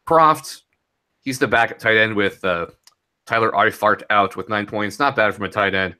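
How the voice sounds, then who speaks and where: A man's voice: fairly low pitch, moderate pace, pushed and bright, clean tone. A young man talking casually and rambling a bit as he recaps a fantasy football week, laughing easily. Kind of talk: casual podcast chat.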